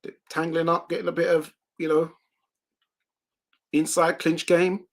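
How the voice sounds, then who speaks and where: A young man hosting a live watch-along, giving excitable play-by-play of a boxing match and reading out viewer comments. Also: on the high side, measured pace. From United Kingdom.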